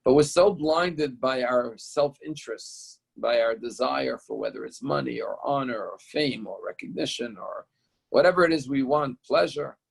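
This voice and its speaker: A man's voice: mid-range voice, creaky, breathy edge, low-quality recording. A male rabbi teaching a Torah lesson, retelling a story in an explanatory, storytelling way.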